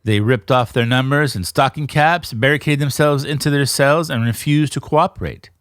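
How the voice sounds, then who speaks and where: A man hosting a casual podcast, retelling a story with animated energy and often checking in with his listener. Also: mid-range voice, moderate pace, no echo, studio quality. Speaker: podcast host.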